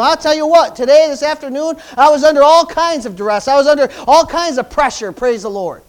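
A man's voice: very high voice, brisk, hardly any pauses. A man preaching a fervent sermon in church, repeating himself and punctuating lines with hallelujah and praise the Lord. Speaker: pastor.

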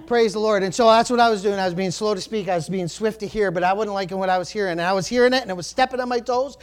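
A male pastor preaching a sermon, swinging from low, quiet emphasis to fervent shouts and often saying praise the Lord. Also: fast, hardly any pauses. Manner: rising to fervent shouting when stirred, dropping low for emphasis; peppers talk with praise the Lord and glory to God.

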